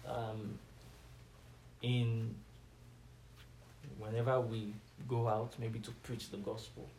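A man's voice: fairly low pitch, flat delivery, slow pace, vocal fry, darkish tone, reverberant, a little hiss or hum. A man teaching from the Bible in a conversational sermon style, asking his listeners questions and leaning hard on key words. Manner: builds to emphatic, rising stresses on key words; asks the listeners questions, waits for replies. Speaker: preacher.

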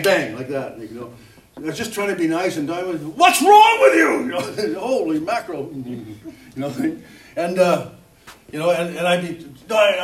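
A middle-aged male preacher with a fairly high voice delivers a chatty, self-mocking sermon, peppered with amens and hallelujahs. He sounds set back from the microphone, so the church hall's echo hangs around every phrase and adds a roomy ring. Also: a little hiss or hum. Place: church hall. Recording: roomy echo, distant mic.

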